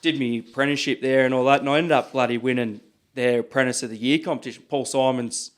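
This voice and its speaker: An Australian man telling stories in a casual podcast chat, animated and swearing freely. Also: mid-range voice, fast talker. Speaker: podcast guest, butcher. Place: podcast studio.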